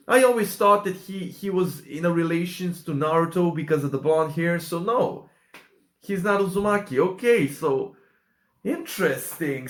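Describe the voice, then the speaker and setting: A young man recording a casual reaction commentary, excitable and exclaiming, often saying "man". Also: a little high, echoey room. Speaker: YouTube reactor.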